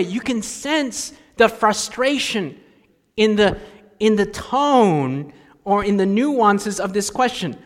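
A man's voice: high voice, expressive, slow pace, long reverb tail. A man preaching a sermon as a pastor, telling a story with animation and acting out the voices of frustrated parents.

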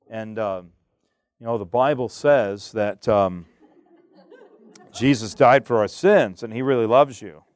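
A man teaching a class on giving Bible studies, lively and acting out examples while asking the class questions. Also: medium pitch, no echo, studio quality. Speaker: Bible study instructor.

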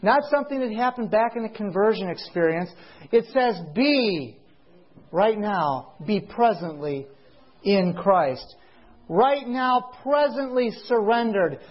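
A man with a high-pitched, expressive voice and a breathy edge preaches to a congregation at a meeting. His phrases are slow and emphatic, key words drawn out, and he repeatedly asks his audience rhetorical questions. It's captured on a dull, lo-fi recording.

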